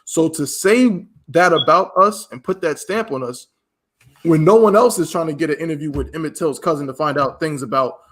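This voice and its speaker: A man hosting a podcast speaks in with a slightly raised pitch. He talks slowly and with emphasis, steering the conversation. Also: fairly bright tone. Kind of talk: casual podcast talk.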